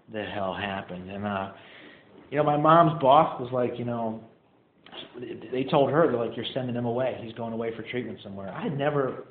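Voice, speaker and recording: Candid young man on a tinny line. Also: mid-range voice. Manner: candid, rambling, laughs at himself. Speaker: storyteller recounting addiction. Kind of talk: casual personal storytelling. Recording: echoey, phone-like, faint noise.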